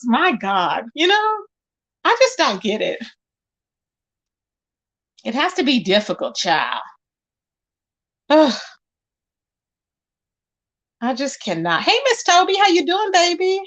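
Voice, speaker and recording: Reading her chat aloud during a casual live stream, a woman with a high voice chats animatedly and addresses viewers as "baby" and "child." She takes her time, pausing often.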